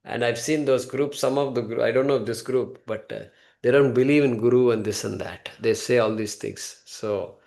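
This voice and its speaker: Male scripture teacher, gravelly voice, patient and repetitive explanations. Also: medium pitch, normal speed, darkish tone. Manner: patient, repeats key points.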